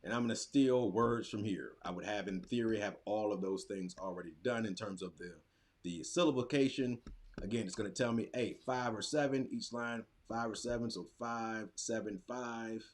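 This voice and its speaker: Man, low voice, casual teacher walkthrough, thinking aloud, clicking sounds. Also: moderate pace. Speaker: teacher presenter. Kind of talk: instructional webinar demo.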